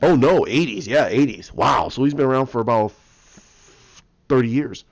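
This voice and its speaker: Relaxed male podcast co-host, mid-pitched, quick affirming interjections. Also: gravelly, no echo. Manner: relaxed, quick agreeing interjections, laughs along. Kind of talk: casual chat.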